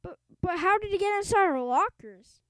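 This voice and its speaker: A woman voicing an arrogant teenage boy bully in a storybook reading, yelling and boastful. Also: extremely high pitch, expressive, moderate pace, no echo, pitched above the performer's own voice. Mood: whiny.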